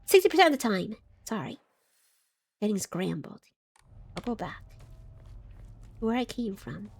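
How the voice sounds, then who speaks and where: A woman's voice: mid-range voice, sing-song, unhurried, vocal fry, darkish tone, husky. A woman streaming a game live, chatting casually and reading chat aloud, scattered and giggly as she loses her train of thought.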